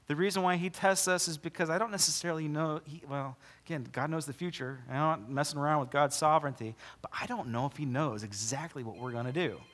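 Joking casual pastor preaching. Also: male voice, a little high, fairly bright tone. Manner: casual, joking asides between slow dramatic scripture reading. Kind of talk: sermon.

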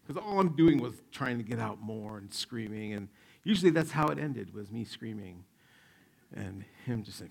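A man in his forties preaching a sermon, telling stories in an animated, joking way and acting out the quotes. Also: medium pitch, moderate pace, vocal fry, husky. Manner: animated, jokey, acts out quotes. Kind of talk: sermon with personal storytelling.

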